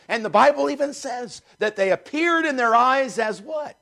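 A man preaching a sermon as pastor, emphatic and repeating key phrases, slowing down to stress scripture. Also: very high voice, lively intonation, gravelly, pushed and bright.

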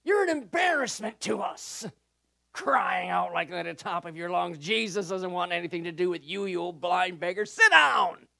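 A male preacher voicing an angry crowd that scolds and shouts at a blind beggar, in a higher, louder voice. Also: lively intonation, normal speed, vocal fry, heavily acted. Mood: scornful. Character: angry jeering crowd of townsmen.

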